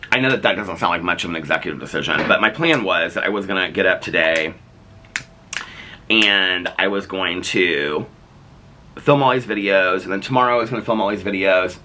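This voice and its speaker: Male daily vlogger, deep voice with a sharp, bright edge, loose rambling chat. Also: a little hiss or hum. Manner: rambling, chatty, frequent fillers and restarts. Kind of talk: casual chat to camera.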